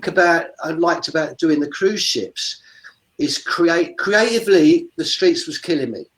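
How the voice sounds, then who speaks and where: A chatty man sits on a livestream video call and tells his stories in long, wandering runs. His voice sits a little on the high side, and he keeps looping back to pick up the thread he dropped. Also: lively intonation, a little slow, a bit bright, poor audio. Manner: chatty, digressive storyteller. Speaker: street performer guest. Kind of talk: casual video-call interview.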